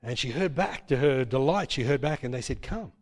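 A man's voice: mid-range voice, animated, a little fast. A man preaching a sermon as pastor, emphatic and repeating his points with tag questions. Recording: long hall reverb.

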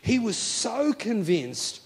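A young adult man preaching an animated sermon, retelling a story casually and acting out its voices. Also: high-pitched, takes it slowly, creaky, slightly rough. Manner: lively, acts out voices, casual phrasing.

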